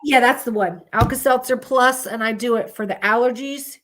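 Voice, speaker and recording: A woman's voice: on the high side, moderate pace, a bit bright. A woman hosting a live-stream podcast, talking in a candid, rambling way and swearing freely, with a stuffy cold. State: congested with a constant cold. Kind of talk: casual live-stream chat.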